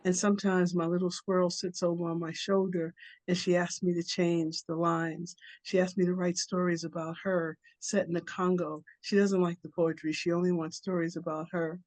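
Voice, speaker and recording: A woman's voice: lowish voice, level tone, moderate pace, a little mellow. A woman reads her poem aloud at an open mic. Her delivery is rhythmic and conversational, like telling a story. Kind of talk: poetry reading.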